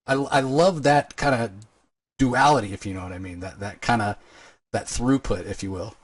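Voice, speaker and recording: A man's voice: mid-range voice, normal speed, breathy edge, dry recording. A man hosting a casual interview, asking long rambling questions full of fillers and earnest praise. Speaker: podcast host.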